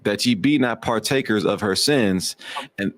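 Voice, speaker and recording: Low-voiced man reading scripture aloud. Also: unhurried. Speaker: class member reading scripture.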